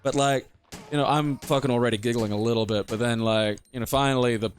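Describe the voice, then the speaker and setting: Over a game playthrough, a young Australian guy rattles off a crude, meandering story in a smooth, steady mid-range voice. He talks quickly and breaks into laughter a lot, in the style of relaxed let's-play chatter.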